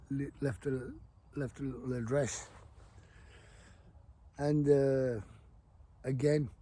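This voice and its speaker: Husky chatty man. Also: mid-range voice, mellow. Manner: rambling, chatty, blunt and swears freely. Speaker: fishing vlogger. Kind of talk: casual storytelling to camera. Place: outdoors by a river.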